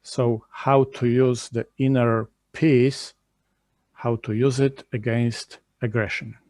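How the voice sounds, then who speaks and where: A man interviewing a guest, asking questions in a hesitant, halting way with many fillers. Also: mid-range voice, flat delivery, darkish tone, no room sound, clean studio sound.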